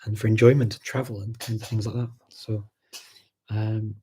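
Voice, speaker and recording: A man with a Scouse accent hosting a live chat, answering viewer questions in a relaxed way, thinking aloud with many pauses and restarts. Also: fairly low pitch, slight background noise. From Liverpool, England. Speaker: host of a live language chat.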